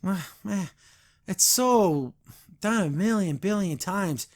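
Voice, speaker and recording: A man's voice: sits high, animated, takes it slowly. A man hosting a podcast, giving a casual, blunt and critical review of a cartoon episode. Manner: retells scenes, briefly imitating characters.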